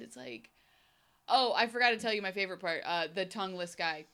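A woman co-hosting a casual chat, animated and sarcastic, often slipping into mock voices. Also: mid-range voice, fairly quick. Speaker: podcast co-host.

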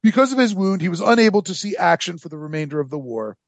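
A man's voice: sits high, sing-song, fast, no room sound. A man hosting a casual history podcast, telling the story with rambling sarcastic asides and lots of fillers. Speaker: podcast host.

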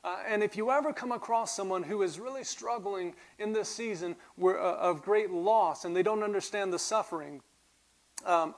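A man's voice: high voice, rough recording. A man giving a sermon as pastor, earnest and building to emphatic peaks. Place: church sanctuary. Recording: clear music underneath. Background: soft guitar music.

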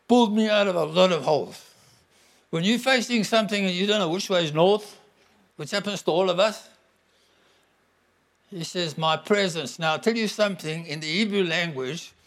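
A man's voice: high-pitched, a little slow, pauses often, fairly bright tone. A man preaching a conversational sermon, declaring scripture with emphasis.

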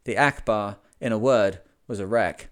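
A man hosting a podcast, reading an old sea memoir aloud in a measured, deliberate way. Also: fairly low pitch. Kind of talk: audiobook narration of a memoir.

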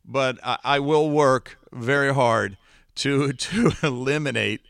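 Middle-aged guy with a broadcaster voice doing his podcast, real slow, bright clear tone, dry close sound. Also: medium pitch, animated, dry recording. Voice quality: trained broadcaster voice. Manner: slow deliberate delivery with dramatic pauses; earnest, heartfelt. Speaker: podcast host. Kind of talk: solo podcast monologue.

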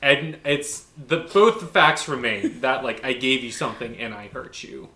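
A man's voice: medium pitch, moderate pace, sharp tone. A man in casual chat, retelling scenes and acting out quotes with lots of "like"s. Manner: retells scenes with acted-out quotes, chatty with many "like"s. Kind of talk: casual chat about a musical. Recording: roomy echo.

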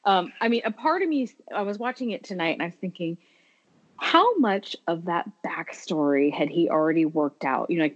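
A woman's voice: lowish voice, lo-fi sound. A woman chatting casually and enthusiastically about a favorite film, with frequent restarts.

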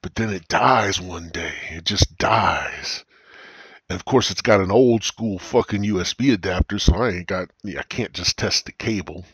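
Low husky guy ranting on his podcast, swearing nonstop, cheap headset mic, dry sound. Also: moderate pace, fairly bright tone, no room sound. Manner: profane, meandering, crude storytelling. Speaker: podcast host. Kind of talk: rambling comedic monologue. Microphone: cheap gaming headset.

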